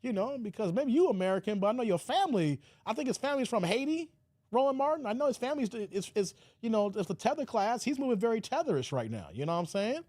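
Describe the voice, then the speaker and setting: A man giving casual, teasing commentary on his own channel, slangy and quick to laugh. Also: high voice, very animated, darkish tone, no echo. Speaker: YouTube commentator.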